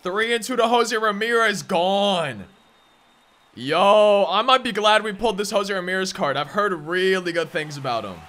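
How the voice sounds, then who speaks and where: Excitable high bright-voiced young man. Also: moderate pace. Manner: excitable, repeats himself, bursts into loud exclamations. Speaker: gaming YouTuber. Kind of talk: excited gameplay commentary.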